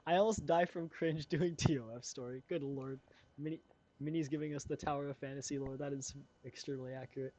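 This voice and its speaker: Animated young male game streamer. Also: a little high, brisk, slight background noise. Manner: animated, laughing, rambling. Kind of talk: casual gaming commentary.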